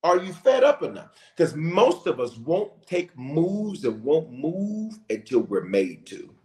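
A bishop preaching with impassioned, rising emphasis in a casual church talk. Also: male voice, on the high side, sing-song, slow, a little mellow, roomy sound.

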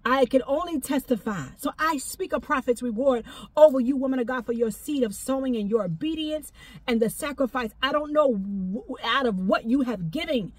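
A woman giving a fervent prophetic exhortation, repeating phrases and breaking into shouts of praise. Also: high voice, moderate pace, slightly rough, no room sound. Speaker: prophetic minister.

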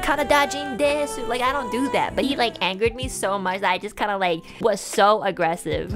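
A young woman from Canada telling a story on stream in casual chat, animated with laughs and mock outbursts. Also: mid-range voice.

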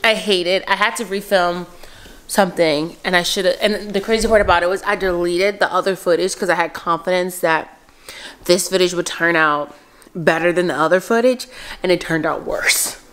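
A woman's voice: fairly low pitch, a bit bright. A woman in her twenties from Philadelphia, talking candidly in a casual mom vlog, rambling and full of "like". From Philadelphia, USA. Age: 20s. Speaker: mom vlogger.

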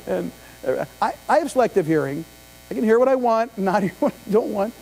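Brisk and very animated, this middle-aged male pastor has a high-pitched, slightly mellow voice with vocal fry. His conversational sermon in the church sanctuary is peppered with questions and asides, carried on a live stream with long reverb and mains hum.

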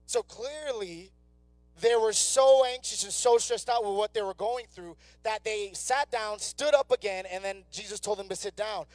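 A man's voice: high voice, dry recording. A young man preaching a conversational sermon as youth pastor, acting out people's doubts in their own words. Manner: conversational preaching, acts out inner voices. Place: church sanctuary.

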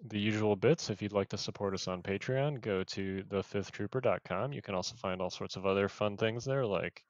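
A man's voice: on the low side, a little fast, no echo, highs cut off. A man hosting a casual podcast, upbeat and full of fillers. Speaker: podcast host.

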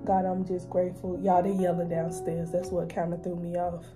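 A woman's voice: lowish voice, little pitch movement, normal speed, music in the background. A young woman in a casual vlog, chatting straight to her viewers in an emotional, talkative way. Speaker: vlogger, mother. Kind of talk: casual vlog chat to camera.

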